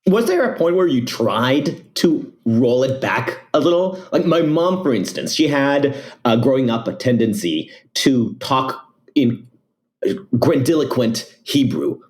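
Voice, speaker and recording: A man hosting a podcast in casual chat, asking playful questions with a halting, word-repeating manner. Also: medium pitch, lively intonation, darkish tone, roomy sound. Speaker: podcast host.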